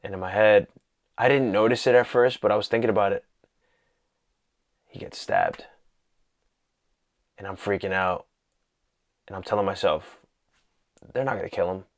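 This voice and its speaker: A man casually talking through a film he loved, excited and rambling, full of "you know" and "like". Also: lowish voice, normal speed, long pauses. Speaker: vlogger reviewing a film. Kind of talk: casual movie talk.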